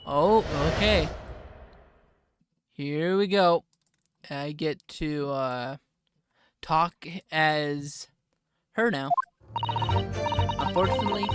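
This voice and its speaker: Chatty man over loud game music. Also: on the high side, extremely slow, long pauses. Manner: self-conscious, chatty asides. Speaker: let's player. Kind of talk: casual gameplay commentary.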